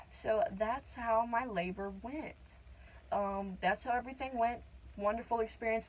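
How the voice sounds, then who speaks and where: A teenage girl vlogging a casual storytime at home, chatty and full of "like", acting out quotes in a higher voice. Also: dark tone, rough recording. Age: teens. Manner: chatty, says "like" a lot, acts out quotes in a higher voice.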